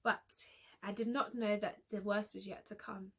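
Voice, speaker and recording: A woman's voice: mid-range voice, level tone, fairly bright tone, slightly rough. Hesitant young woman telling a personal story. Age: young adult. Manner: hesitant, halting, with many restarts and fillers. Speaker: vlogger.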